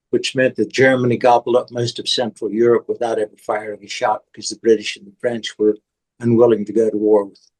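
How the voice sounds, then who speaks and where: A man's voice: mid-range voice, a little mellow, low-quality recording. Earnest man outlining his course. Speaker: course instructor. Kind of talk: class preview talk. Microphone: video call.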